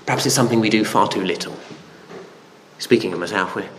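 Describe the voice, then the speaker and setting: A man's voice: fairly low pitch, fast talker, a bit bright, slight background noise. A man preaching a sermon, earnest, with rhetorical questions and frequent restarts. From Britain.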